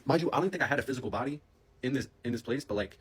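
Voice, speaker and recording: A young man telling a personal story in a casual, excitable, rambling way, full of slang and fillers, into a phone camera. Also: medium pitch, rapid-fire, slightly rough.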